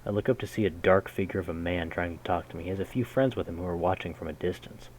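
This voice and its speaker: A man reading a game's story text aloud in a measured way, breaking in with casual, slangy jokes as a gaming host. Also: low voice, slight background noise, low-quality recording. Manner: measured narration broken by casual slangy comments. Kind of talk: reading game text aloud with jokey asides.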